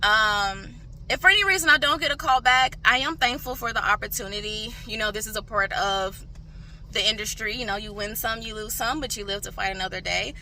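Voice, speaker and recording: A woman's voice: mid-range voice, a little fast, bright, forceful tone, a little hiss or hum. A young woman vlogging in a casual, chatty way, talking straight to her viewers with lots of fillers. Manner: chatty, filler-heavy, addresses viewers directly. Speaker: beauty vlogger. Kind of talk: casual vlog chat. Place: parked car.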